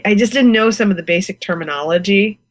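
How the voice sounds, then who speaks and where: An American woman in her forties, a guest beekeeper, chats in a casual interview with enthusiasm and frequent laughter. Her mid-range voice moves fast, and the recording is dry and rough.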